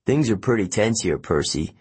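A man's voice: lowish voice, lively intonation, moderate pace, breathy edge. A man voicing a friendly but worried teenage boy camp counselor, speaking earnestly under tension. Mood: tense.

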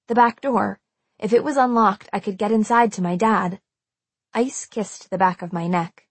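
A woman narrates a first-person audiobook in a tense, suspenseful storytelling manner. Her voice sits at a middle pitch for a woman. The recording is dry and close, with no room sound. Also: husky, no room sound.

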